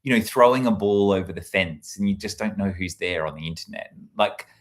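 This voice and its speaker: A man's voice: low voice, fairly quick. A man hosting a casual livestream into a handheld mic, rambling with restarts while reading chat aloud. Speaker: livestream host. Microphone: handheld microphone.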